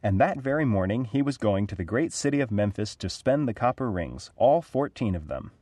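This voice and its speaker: A man reads a storybook aloud in a fairly low voice. His delivery is clear and even. The recording is dry and close. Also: brisk, dry recording. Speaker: narrator.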